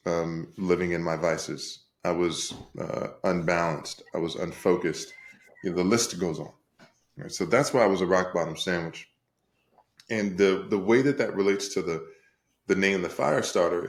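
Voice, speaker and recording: A man telling his own story as an interview guest on a video call, animated and repetitive, often laughing. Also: deep voice, echoey room. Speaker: guest, coach and speaker.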